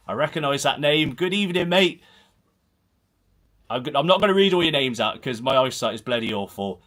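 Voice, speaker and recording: This thirty-something from Herefordshire, England, speaks a little fast in an animated, higher, fairly bright voice with a Herefordshire and Gloucestershire accent. Alone in a small room at home, he hosts a casual football livestream, reading comments while rambling and making fun of himself.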